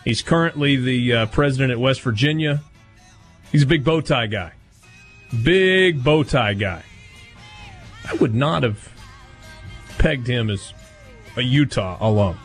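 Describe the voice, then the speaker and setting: Male sports radio host, brisk and dry, mid-pitched, faint music under. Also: animated. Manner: brisk, dry, reads schedules and promos. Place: radio studio.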